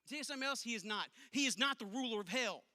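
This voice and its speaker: A youth pastor, preaching to teens in an emphatic, conversational way with punchy asides. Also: male voice, very high-pitched, lively intonation, racing, bright, forceful tone. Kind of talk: youth sermon. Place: church auditorium. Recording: long reverb of a large hall.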